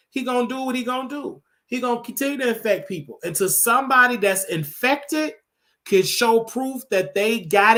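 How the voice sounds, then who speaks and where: A man hosting a casual gossip talk show. He tells his stories in an animated, dishy way, with sudden leaps up in pitch and quieter, hushed asides. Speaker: show host.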